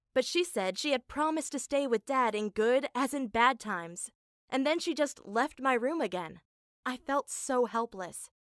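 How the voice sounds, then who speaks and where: A woman's voice: fairly high pitch, a bit bright, no room sound, clean studio sound. A woman narrating a first-person story in an earnest, emotional way.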